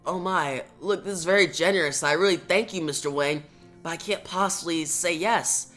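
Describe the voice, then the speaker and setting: A reviewer reading out a proud, worried mother from a comic, soft and hesitant. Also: medium pitch, moderate pace, soft background music, lightly acted. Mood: pleading. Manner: read out plainly, soft and hesitant.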